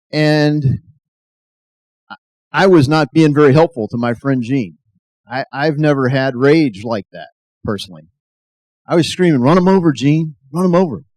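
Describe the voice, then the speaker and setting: A man's voice: mid-range voice, darkish tone, no room sound. Earnest man giving a testimony speech. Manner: earnest, builds to emphatic exhortation. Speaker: speaker.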